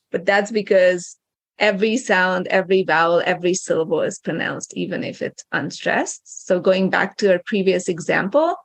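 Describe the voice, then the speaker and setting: Casting: woman teacher, gravelly voice, methodical explainer, dry close sound. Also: fairly low pitch, no echo. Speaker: guest language teacher. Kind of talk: explaining pronunciation.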